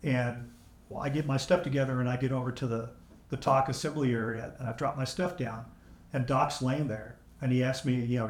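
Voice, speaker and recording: A man of middle pitch recounts his army days at a calm, measured pace, with a dry edge. His voice rings in an echoey room, and the audio has been pieced back together after technical trouble. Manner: measured, vivid anecdotes with dry humor. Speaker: podcast guest, veteran. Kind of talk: conversational storytelling.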